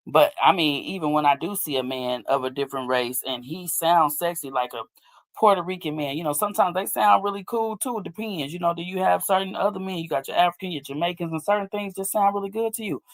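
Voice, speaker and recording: Animated woman podcast host, dry close mic. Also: fast, no room sound. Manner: animated, swooping up high when excited. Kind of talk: casual chat reacting to clips.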